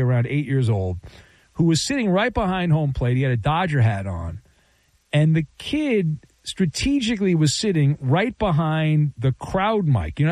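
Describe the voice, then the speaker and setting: Sports radio guy, wry storyteller, bouncy highish voice, dry studio sound. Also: darkish tone, dry recording. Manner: wry, storytelling, quick asides. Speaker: radio show host.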